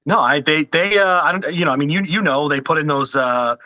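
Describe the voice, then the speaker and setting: A man's voice: a little high, brisk, pushed and bright, dry recording, muffled recording. A middle-aged man, chatting as a podcast host, swearing freely, laughing and rambling with restarts. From Washington DC area. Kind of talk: casual chat.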